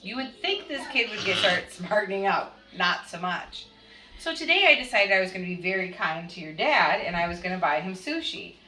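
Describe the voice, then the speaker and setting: A woman's voice: fairly low pitch, expressive, normal speed, pushed and bright, faint music behind. A woman, a mother, chatting casually as she tells a family story and acts out what others said. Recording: echoey room, voice from a distance, faint noise.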